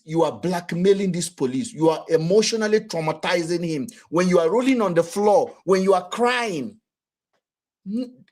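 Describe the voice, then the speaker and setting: Husky Nigerian man, animated and high-pitched. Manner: animated, rhetorical, acts out quotes. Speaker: vlogger and commentator. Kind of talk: casual commentary.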